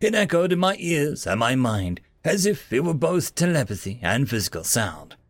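Male narrator, first-person storybook reading, expressive, gravelly, dry sound. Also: medium pitch, moderate pace, no echo. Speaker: audiobook narrator.

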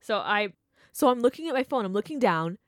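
A young woman telling a story in casual chat, animated and full of fillers, acting out what people said. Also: on the high side, fairly quick, no room sound, clean studio sound. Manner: animated, chatty, full of "like" and laughter, acts out quotes. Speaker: vlogger.

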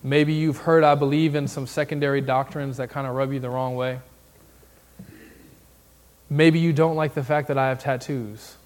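A man's voice: mid-range voice, fairly even intonation, moderate pace, long pauses. A man with a Southern accent preaching a sermon as a candidate for pastor, building his points into emphatic lists.

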